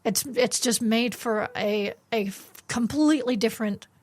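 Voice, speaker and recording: A woman co-hosting a faith radio breakfast show, chatting casually and often pausing with fillers. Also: a little high, crowd noise. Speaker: radio co-host.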